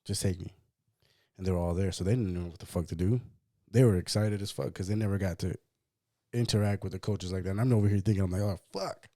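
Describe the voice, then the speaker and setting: A man co-hosting a podcast, telling a personal story in a casual, profane, animated way and acting out what others said. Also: low-pitched, fast talker, dry recording, clean studio sound. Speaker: podcast co-host.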